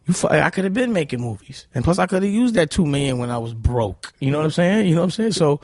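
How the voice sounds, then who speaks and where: A man's voice: on the high side, sing-song, fast talker, darkish tone, no room sound. A man, telling stories bluntly and heatedly in a casual interview. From Harlem, New York. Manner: blunt, heated, repeats "you know what I'm saying". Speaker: guest.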